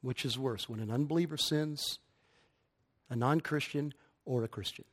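A middle-aged man preaching a sermon, emphatic and building to forceful peaks. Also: medium pitch, moderate pace. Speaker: pastor.

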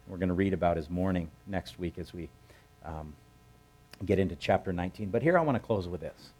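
A man preaching a sermon, retelling a scripture story conversationally and acting out the characters' lines with lively raised voices. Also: sits low, brisk, slightly rough. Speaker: pastor.

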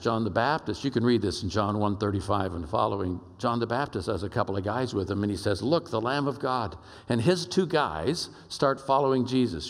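A low-pitched man preaches in a relaxed, storytelling manner, chatting with his listeners and tossing in quick asides. His voice carries a long echo from a large hall. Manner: conversational storytelling, animated asides. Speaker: speaker. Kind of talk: sermon.

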